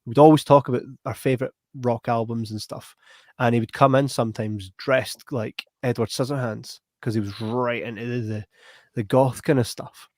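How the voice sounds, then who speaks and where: This young Scottish man, hosting a podcast, speaks at normal speed in a mid-range voice while casually rambling through a lengthy story. He's animated and keeps repeating "right?", and the audio is dry, clean studio sound.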